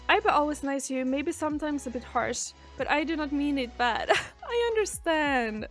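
A woman chats casually on a live stream, reading out viewer messages and answering them one by one. Faint music plays softly behind her. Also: high voice, expressive, normal speed.

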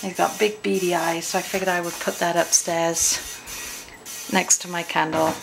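A woman's voice: fairly low pitch, level tone, normal speed, gravelly, background noise. Chatty English woman vlogging at home. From England. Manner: chatty, rambling, talks to viewers directly. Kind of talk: casual daily vlog chat. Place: at home, indoors.

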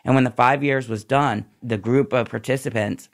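In a podcast interview, a man who used to be a nurse shares the story of his recovery, candid and tumbling from one thought to the next. He talks at normal speed in a medium-pitched voice with fairly even intonation.

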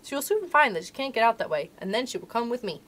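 A brave young miner boy from a storybook, sturdy and matter-of-fact, as a woman puts him on. The voice sits fairly high and moves a lot in pitch. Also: big pitch swings, quick pace, a bit bright, slight background noise. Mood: puzzled.

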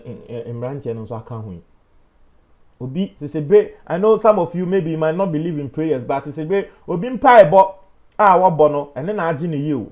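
A man with a Ghanaian accent giving opinion commentary on the news, emphatic and animated, swinging between loud and soft. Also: on the high side, muffled recording.

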